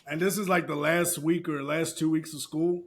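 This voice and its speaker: Man, podcast co-host, casual chat, crude rambling stories, somewhat high voice. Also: fairly even intonation, normal speed. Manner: crude, rambling storyteller with restarts.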